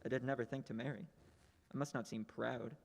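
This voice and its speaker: A man playing a gravelly proud young nobleman. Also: medium pitch, steady tone, brisk. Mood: musing. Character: proud witty young nobleman, musing alone. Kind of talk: stage play performance. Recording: reverberant hall.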